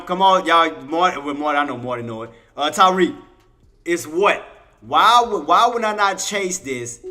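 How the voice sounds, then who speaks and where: The host of this live trading stream has a slightly high, sharp voice. Giving intraday market commentary, he chats informally with viewers as "y'all," repeats himself, and quizzes them.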